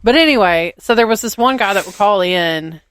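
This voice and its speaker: A woman's voice: medium pitch, expressive, normal speed, fairly bright tone, clean tone, no room sound. A woman with a Southern US accent, co-hosting a podcast, dramatic and playfully defensive in casual chat. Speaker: podcast co-host.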